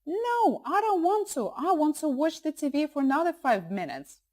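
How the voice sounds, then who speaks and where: A woman's voice: high-pitched, sing-song, normal speed, a little mellow, pitched above the performer's own voice. A woman voicing a young boy who whines and protests about turning off the TV at bedtime. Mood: whiny. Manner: whiny, protesting.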